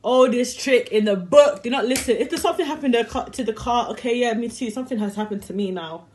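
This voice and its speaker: A woman's voice: on the high side, darkish tone, a little hiss or hum. Chatty young woman. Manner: rambling, slangy, chatty, quick to laugh. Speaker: vlogger. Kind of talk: casual storytelling to camera.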